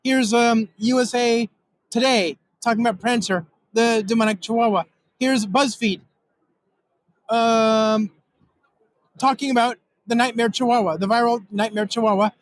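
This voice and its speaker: A man guest giving a casual technical demo, excitable and rambling with lots of fillers. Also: very high-pitched, unhurried, no echo, rough recording. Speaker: guest developer demonstrating software. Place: recorded in Europe.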